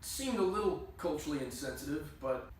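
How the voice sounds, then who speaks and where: A man playing an eager, halting young actor. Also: a little high, expressive, natural voice. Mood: nervous eager. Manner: hesitant, eager, halting restarts. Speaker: auditioning actor. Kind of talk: comedy sketch acting. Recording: distant mic, very echoey room, faint hiss.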